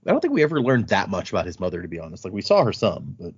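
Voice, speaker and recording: A man's voice: sits low, wildly swooping pitch, racing, husky, no echo. A man co-hosting a podcast, casually retelling book chapters in loose paraphrase, laughing often and swearing now and then. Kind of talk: casual chat. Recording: dull, slightly lo-fi podcast audio.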